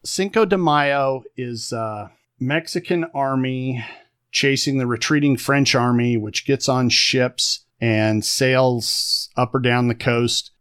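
A man co-hosting a podcast in relaxed conversation. He rambles and restarts his sentences often, filling gaps with "uh" and "you know", and his voice sits at a middling pitch. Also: takes it slowly, clear, resonant tone. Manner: rambling, chatty, with many fillers and restarts. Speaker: podcast co-host. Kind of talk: casual chat.

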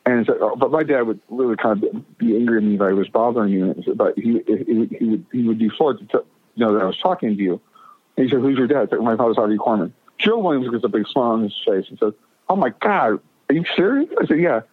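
Talking fast in a fairly low voice, a middle-aged guest rambles through a long story, tripping over restarts and vividly reenacting what others said. The thin, tinny phone audio is dry and close, with no room sound.

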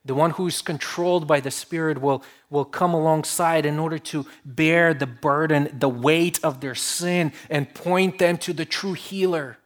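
A man delivers a sermon with a somewhat higher voice than most men. He swings between emphatic, raised phrases and quiet, drawn-out lines. His delivery stays earnest throughout. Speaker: pastor.

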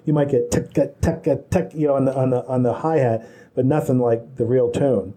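A man's voice: medium pitch, steady tone, normal speed, dark tone, breathy edge. A man telling long casual anecdotes in a rambling way, with many restarts. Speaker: storyteller. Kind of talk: casual chat.

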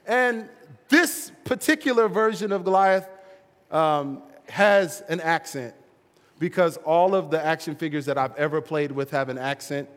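A young man presenting a playful storytelling sermon for families, animated and laughing often as he plays with action figures. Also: on the high side, measured pace, long reverb tail. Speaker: children's ministry presenter.

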